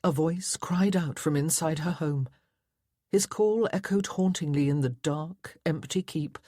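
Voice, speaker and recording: A woman's voice: deep voice, darkish tone, no room sound, clean studio sound. A woman narrating a historical romance audiobook in a dramatic, tense storytelling manner. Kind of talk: scripted narration.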